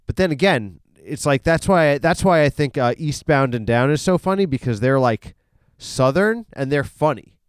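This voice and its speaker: A man's voice: fairly high pitch, lively intonation, normal speed, clean tone, dry recording, studio quality. A man hosting a casual solo podcast, rambling and swearing freely, full of fillers and self-corrections. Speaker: podcast host. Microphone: studio podcast microphone.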